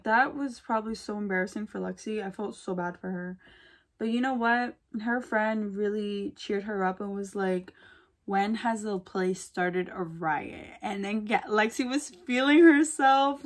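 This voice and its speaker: Gushing, slangy young woman chatting through makeup. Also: medium pitch. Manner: gushing, gossipy, slangy, lots of "like". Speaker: beauty vlogger. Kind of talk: casual chat during a makeup tutorial.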